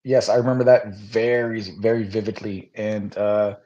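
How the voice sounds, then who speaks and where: A man with a fairly low voice hosts a podcast, chatting in a relaxed, easygoing way. He laughs easily and keeps the talk loose. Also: moderate pace, lo-fi sound. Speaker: podcast host. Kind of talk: casual chat.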